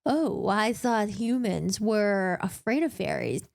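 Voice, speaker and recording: A woman voicing a mysterious, beautiful fae man who questions slowly and suspiciously. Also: mid-range voice, lively intonation, creaky. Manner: slow, drawn-out questioning.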